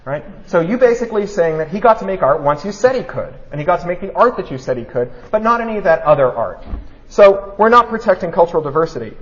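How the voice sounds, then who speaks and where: A man giving a public talk, fast and animated, who keeps asking his audience "right?". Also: high-pitched. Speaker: speaker at a talk. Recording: dull lo-fi recording.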